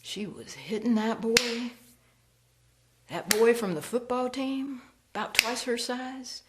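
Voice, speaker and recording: A woman storyteller performing a ghost story, slow and hushed, dropping to whispers. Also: on the high side, very noisy.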